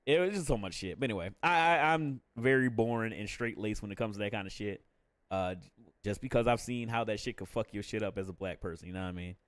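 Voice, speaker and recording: A man's voice: on the low side, quick pace, a bit bright, dry recording. A young adult man casually chatting on a live stream, candid and profane, laughing often between thoughts.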